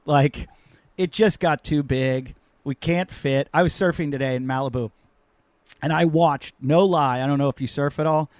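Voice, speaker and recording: A man hosting a podcast over a remote call, talking in an animated, rambling, self-mocking way with lots of jokes. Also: fairly high pitch, normal speed, no room sound. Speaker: podcast host. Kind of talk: casual joking chat.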